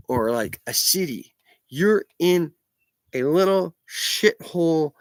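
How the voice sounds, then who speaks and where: A middle-aged man rants through a story, blunt and sarcastic and cursing freely. His voice sits at an ordinary middle pitch. It is recorded close and dry, with no echo. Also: fairly bright tone. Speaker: vlogger. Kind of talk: profane ranting storytelling.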